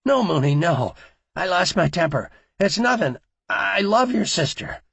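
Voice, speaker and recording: A man voicing a terrified male gambler who begs for his life in a high, pleading voice. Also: very animated, measured pace, vocal fry, a bit bright, husky, dry recording, heavily acted.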